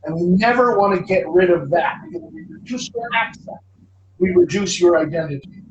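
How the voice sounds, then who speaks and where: Encouraging male host-coach, emphatic, repeats for stress; higher-pitched voice, recorded in a roomy space with faint background noise. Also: lively intonation, fairly quick, lo-fi sound. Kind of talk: live online Q&A. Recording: echoey room, faint ambient noise.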